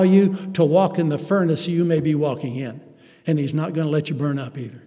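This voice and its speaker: A man's voice: on the high side, steady tone, fairly quick, mellow. A man delivering a sermon as pastor, building emphasis with rhetorical questions and calling the congregation beloved. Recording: long reverb of a hall.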